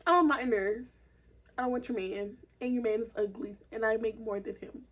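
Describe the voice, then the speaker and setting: A young woman, telling a profane, animated story about a fight at work in a casual vlog. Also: normal speed. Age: teens. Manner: animated, profane, acts out quotes in a higher voice. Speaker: vlogger.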